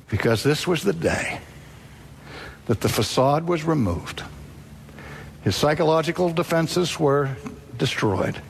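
A man's voice: mid-range voice, a little hiss or hum. A man preaching a sermon, telling a story dramatically and acting out the voices in it.

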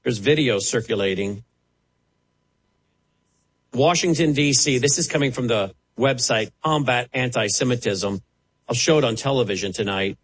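A man's voice: medium pitch, moderate pace, pauses often, husky, low-quality recording. A man preaching a televised sermon with impassioned delivery and dramatic rises and drops in his voice.

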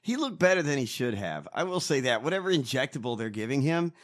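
Male co-host, casual politics chat, mocking and crude, with an animated, swinging pitch. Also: fast talker. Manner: profane, mocking, heckling. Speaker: podcast co-host.

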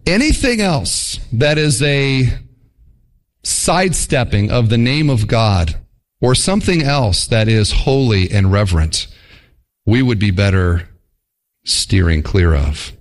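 A man preaching a sermon in an animated way, acting out quick mock voices to make his points. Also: medium pitch. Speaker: pastor.

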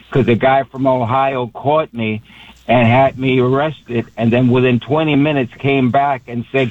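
A man's voice: mid-range voice, no room sound. A middle-aged man from Puerto Rico speaking as a radio guest, passionate and rambling, with many restarts. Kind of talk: emotional phone interview. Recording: tinny phone line.

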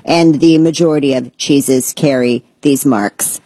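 A woman putting on a dry robot voice to recite facts in a flat monotone. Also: a bass voice, a little slow, breathy edge, no room sound, voice pushed down, exaggerated voice. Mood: flat recital.

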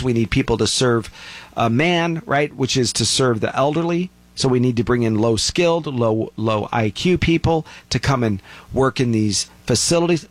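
A man giving casual commentary, telling stories and acting out other people's lines in a raised voice. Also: no echo. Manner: animated storyteller, acts out quoted voices in high pitch. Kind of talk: casual talk.

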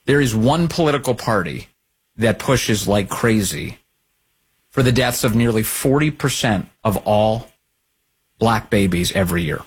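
Combative husky male talk host. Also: fairly low pitch, a little slow. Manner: combative, sarcastic, lively intonation. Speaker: political talk show host. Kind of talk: opinionated commentary.

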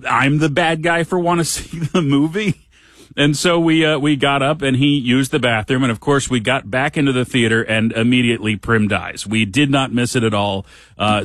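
A middle-aged man talks on the radio in a loose, rambling way, dropping deadpan jokes as he goes. His voice sits at an ordinary pitch, and the close mic sounds completely dry, with no room around it. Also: no room sound. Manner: chatty, dry humor, acts out quotes in voices. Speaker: radio host. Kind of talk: casual monologue.

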